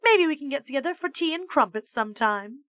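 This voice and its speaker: A woman's voice: high-pitched, lively intonation, a little fast, a bit bright, no echo, clean studio sound, voice pushed up. A woman reading the lines of a sinister voice-stealing male teacher in a smug, mock-pleasant manner.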